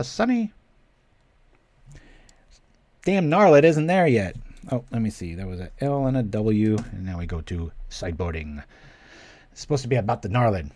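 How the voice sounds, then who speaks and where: A man's voice: medium pitch, a little mellow, no echo. A man hosting a card-game stream, giving casual live commentary as he plays and thinking aloud in a playful, chatty way.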